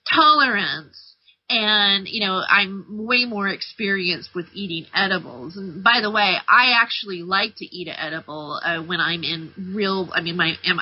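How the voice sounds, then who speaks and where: A woman's voice: on the low side, slightly rough. A middle-aged woman hosting a talk radio show, rambling bluntly and casually with lots of fillers and restarts. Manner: brash, blunt and loose, full of fillers and restarts. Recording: slightly dull lo-fi sound.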